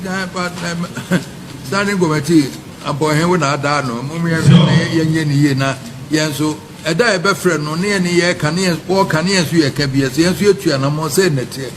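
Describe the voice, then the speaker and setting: A man's voice: on the high side, moderate pace. Earnest man appealing to chiefs. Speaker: speaker addressing chiefs at a public forum. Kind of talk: formal public appeal. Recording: noisy ambience behind the voice.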